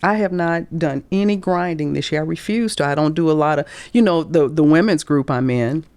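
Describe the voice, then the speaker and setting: A woman's voice: low voice, fairly quick, no echo. A middle-aged woman career coach telling candid stories on a podcast, acting out the quoted voices and dropping to whispers. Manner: animated, acts out quoted speech, drops to whispers.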